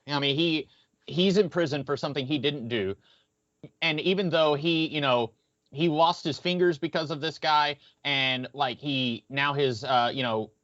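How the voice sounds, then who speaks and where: A man's voice: on the high side, a bit bright, no room sound. A man co-hosting a podcast, chatting casually about a film and rambling with restarts as he plays it by ear. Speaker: podcast co-host. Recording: dull lo-fi dry sound.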